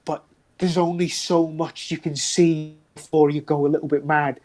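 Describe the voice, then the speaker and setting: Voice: mid-range voice, little pitch movement, normal speed, darkish tone, close to an everyday voice. Brief: game master doing a frightened, half-mad captive, pleading, ordinary mid voice. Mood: frightened, desperate. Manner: stammering, broken, pleading. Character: terrified captive cultist, shaken, half mad.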